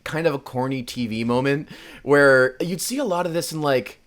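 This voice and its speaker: A woman's voice: very deep voice, moderate pace. A woman co-hosting a podcast, recapping a film casually with a wry, sarcastic edge. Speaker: podcast co-host.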